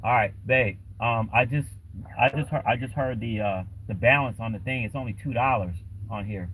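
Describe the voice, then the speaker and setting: A man's voice: medium pitch, moderate pace, a bit bright, a little hiss or hum, poor audio. A man hosting a casual livestream, talking in a rambling way with lots of fillers. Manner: rambling, many fillers and restarts. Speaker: livestream host.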